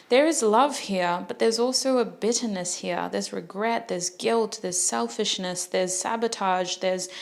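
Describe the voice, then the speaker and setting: A woman's voice: mid-range voice, gravelly. A woman giving a casual tarot reading, chatty and joking, breaking off to apologize and correct herself. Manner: chatty, jokey, self-interrupting. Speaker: tarot reader.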